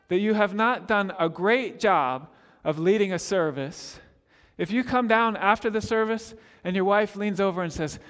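High-voiced preacher in an echoing hall. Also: male voice. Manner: expressive, swings from loud to hushed. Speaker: pastor. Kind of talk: sermon.

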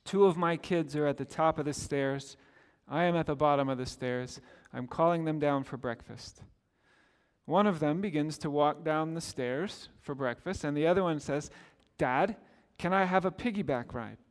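The fairly high, smooth voice of a middle-aged pastor moves at a moderate pace, carrying a big-room sound. In his sermon he tells stories conversationally and dramatizes the quotes.

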